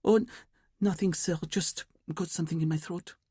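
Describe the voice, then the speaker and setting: A man voicing a brisk female detective. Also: high-pitched, steady tone, warm tone, slightly rough, no echo, studio quality, voice pushed up. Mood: briefing. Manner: brisk, briefing from notes. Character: female detective sergeant, quick and sharp.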